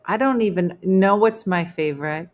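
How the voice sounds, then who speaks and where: A middle-aged woman with a slightly low voice, hosting a casual live show. She rambles through funny stories, chats with viewers and laughs at herself. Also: moderate pace. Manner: chatty, rambling, laughs at her own stories. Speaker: host of a live chat show. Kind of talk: casual storytelling chat with viewers.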